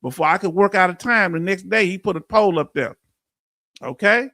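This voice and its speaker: A man with a Texan accent hosts a live stream in a high, gravelly voice. He reads chat comments aloud and speaks with emphatic, animated energy. The recording is close and dry. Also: normal speed, no room sound. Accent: Texan English. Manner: emphatic, animated storytelling with frequent laughs. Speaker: veteran live-stream host.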